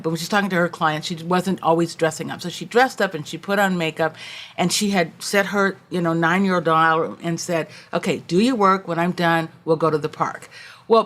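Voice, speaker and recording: A woman executive coach appearing as a podcast guest, telling lively anecdotes and acting out the voices of people she met. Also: on the low side. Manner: storytelling, acts out quoted voices, warm and animated. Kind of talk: conversational interview.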